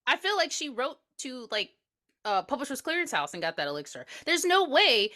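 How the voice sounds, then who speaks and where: A woman podcast co-host chatting about a movie, excitable and jokey, with profane asides. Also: high-pitched, moderate pace. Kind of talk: casual movie recap chat.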